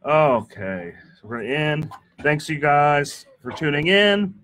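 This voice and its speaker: A man's voice: on the high side, sing-song, a little slow, fairly bright tone. A man hosting a casual radio talk show from a studio, chatty and joking, often restarting his sentences. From Texas. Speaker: radio show host and insurance attorney.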